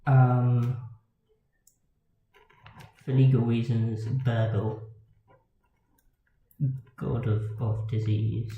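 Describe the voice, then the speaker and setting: A man's voice: mid-range voice, flat delivery, extremely slow, pauses often. A man chatting casually on a livestream while he draws, rambling and swearing in a self-deprecating way. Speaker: miniatures hobbyist streamer. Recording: roomy, dull lo-fi with faint noise.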